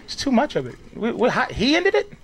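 A man doing a stand-up routine, ranting loudly and swearing, played from a live club recording. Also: very high-pitched, wildly swooping pitch, brisk. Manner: loud, ranting, swearing delivery. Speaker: stand-up comedian. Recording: live club clip with loud crowd laughter and noise. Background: audience laughing.

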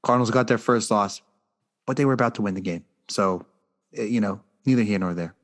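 A man's voice: on the low side, a little fast. A man co-hosting a casual sports talk show, ranting in a fired-up, profane way. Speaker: podcast co-host.

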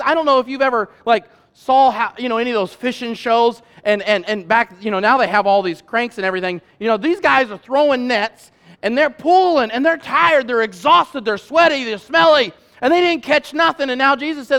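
Guy preaching, high voice, chatty and folksy, gets loud and punchy at the peaks. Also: brisk. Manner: conversational, folksy, builds to loud emphatic peaks. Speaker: pastor. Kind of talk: sermon.

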